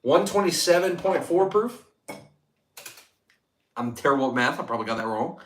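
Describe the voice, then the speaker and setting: A man hosting a casual whiskey livestream, chatting loosely and getting excited as he reads out and thanks viewer comments. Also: on the high side, normal speed. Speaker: livestream host reviewing whiskey. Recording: echoey room.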